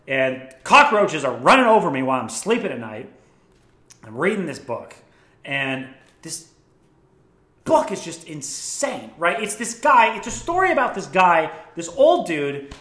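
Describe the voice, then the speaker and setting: A man's voice: a little high, bright, forceful tone. A young man casually recommending books, enthusiastic and swearing freely. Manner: profane, enthusiastic storytelling. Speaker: vlogger. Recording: echoey room.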